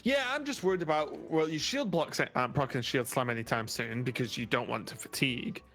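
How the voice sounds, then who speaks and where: A man's voice: medium pitch, brisk, fairly bright tone. Male co-commentator, middle voice, light and jokey, faint background music. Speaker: esports caster. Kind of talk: live game commentary.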